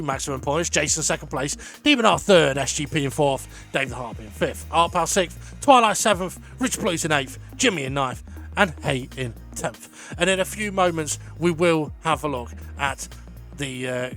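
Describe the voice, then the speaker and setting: An excitable man with a fairly high voice calls sim race results and cracks jokes, talking in a loose, rambling way full of ums. Faint music plays underneath him. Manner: excitable, jokey, full of fillers. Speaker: sim racing league host and commentator. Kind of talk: casual race commentary and banter.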